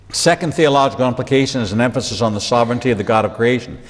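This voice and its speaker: A rabbi teaching the Bible in sermon style, with animated delivery, repeated phrases for emphasis and humorous asides. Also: male voice, medium pitch, very fast, few pauses, in a large hall.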